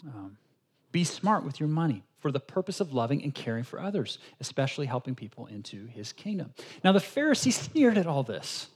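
Guy pastor preaching, kinda husky, pitch sits a bit high, acts out the back-and-forth in his stories. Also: fairly quick. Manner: animated storytelling, acting out quoted dialogue. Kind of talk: sermon.

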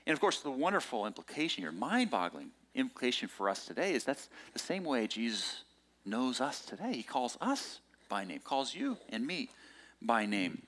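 A man preaching a sermon in a conversational, animated way. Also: mid-range voice, normal speed. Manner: conversational and animated, acting out quoted lines. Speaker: pastor.

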